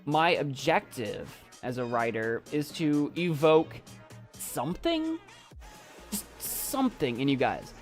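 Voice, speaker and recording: A man talking casually to his viewers in a calm, soft voice that swings lively up and down in pitch. He stops and restarts often, choking up as he speaks. Faint music plays under him. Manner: halting, many restarts, choked up and emotional. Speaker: YouTube creator and poet. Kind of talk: casual live chat with viewers.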